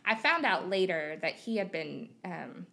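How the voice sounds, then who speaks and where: A woman in her thirties from Missouri talks openly as a podcast guest. Her voice sits low, with a gravelly fry running through it, and she pauses often on fillers as she reflects. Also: big pitch swings, pushed and bright. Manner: open and reflective, with frequent fillers. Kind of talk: candid conversational interview.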